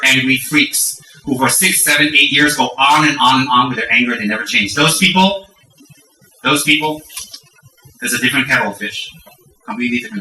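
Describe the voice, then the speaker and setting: A middle-aged man giving a Dharma talk, candid and self-mocking, acting out lively stories. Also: on the high side, distant mic, a little hiss or hum. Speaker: Buddhist teacher. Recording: roomy echo from off-mic.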